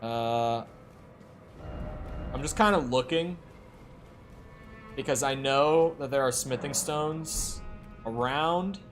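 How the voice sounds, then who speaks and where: Speaking slowly and pausing often, this man has a mid-range voice, with faint music playing behind him. He's live-streaming a game, chatting loosely, swearing without restraint and reacting out loud to what's on screen.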